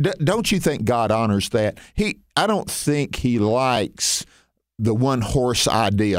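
A man's voice: medium pitch, no room sound, clean studio sound. A man hosting a Christian missions program, talking in a folksy, rambling way with frequent fillers and restarts. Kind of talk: conversational interview.

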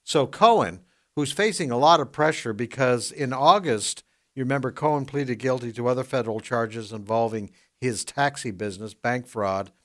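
A man hosting a political talk radio show, delivering the news in a measured way and laughing often. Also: mid-range voice, fairly bright tone.

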